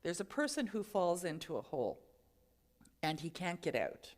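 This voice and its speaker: A woman minister, giving a sermon in a gentle, conversational storytelling way. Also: fairly low pitch, very animated, normal speed.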